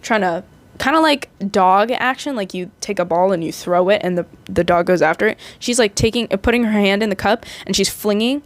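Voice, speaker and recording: A woman's voice: mid-range voice, normal speed, dry recording. A young woman casually recapping a movie, chatty and rambling, with frequent restarts and playful asides.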